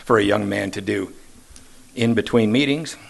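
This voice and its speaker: A man in his sixties voicing a gentle, fatherly older man who speaks softly and kindly. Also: fairly low pitch, gravelly, slight background noise. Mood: gentle urging. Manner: soft, kindly, unhurried.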